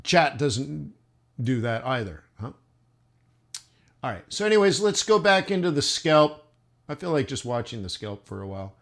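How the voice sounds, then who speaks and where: A man's voice: mid-range voice, sing-song, normal speed, vocal fry, long pauses. A man chatting casually while running a live trading stream, rambling with many fillers and restarts. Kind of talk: casual livestream chat. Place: southern United States.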